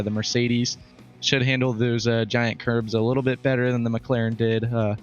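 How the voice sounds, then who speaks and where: A man, out of breath, giving a halting post-race interview as the race winner. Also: medium pitch, dull audio. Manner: halting, with many fillers and restarts. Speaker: winning driver.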